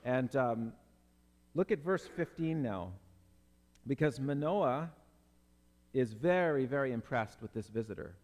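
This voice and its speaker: A man's voice: mid-range voice, animated, unhurried, long pauses, a little mellow, big-room sound. A male pastor preaching a sermon in an earnest, conversational way, acting out the people in the Bible story.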